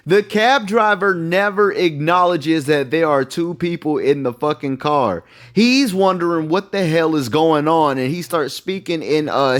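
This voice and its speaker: A man casually talking through a fan theory, loose and chatty with lots of fillers. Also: on the high side. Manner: loose and chatty, many fillers, keeps saying "you feel me". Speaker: YouTuber explaining a fan theory. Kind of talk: casual explanatory monologue.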